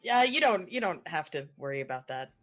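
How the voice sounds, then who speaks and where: Woman, tabletop player, bright tone, low pitch, dry teasing. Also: big pitch swings, brisk. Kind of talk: tabletop game play.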